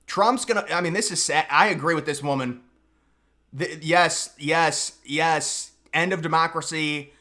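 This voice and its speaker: A young man rants through his political commentary in a bright, forceful voice that sits a little high. He swings into sarcastic mockery and overblown outbursts, talking casually as if straight to his viewers. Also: moderate pace. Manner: sarcastic, mocking, exaggerated outbursts.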